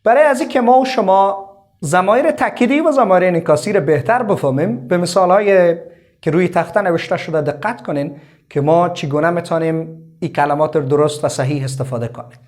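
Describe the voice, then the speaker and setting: A man teaching English grammar in a lesson, explaining slowly in English and rushing through the translations. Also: high-pitched, a little mellow.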